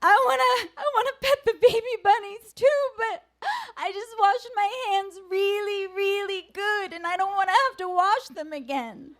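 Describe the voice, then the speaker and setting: A woman voicing a tearful, anxious four-year-old boy who whines and sobs in halting bursts. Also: very high-pitched, voice pushed up. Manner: whiny, halting, sobbing. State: crying.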